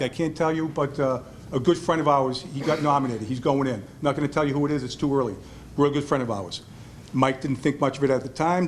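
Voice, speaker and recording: A man's voice: mid-range voice, slight background noise. A man telling a self-deprecating story in a hall of fame acceptance speech at a restaurant event, acting out the voices of the people in it.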